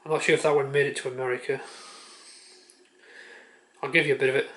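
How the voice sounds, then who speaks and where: A man's voice: mid-range voice, flat delivery, fast talker, pushed and bright. A man vlogging at home, chatting offhand with a handheld camera, muttering and swearing casually. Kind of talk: casual chat.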